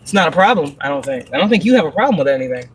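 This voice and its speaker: A woman's voice: deep voice, sing-song, racing, slightly rough. A woman reads tarot live, blunt and heavy on profanity. She drives each point home with rhetorical questions and breaks into laughter often. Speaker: tarot reader on a livestream. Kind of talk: live tarot reading monologue.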